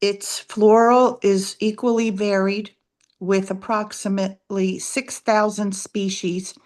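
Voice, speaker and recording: Slow, halting woman reading aloud. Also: mid-range voice, little pitch movement, a little mellow. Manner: halting reading, stumbles on names.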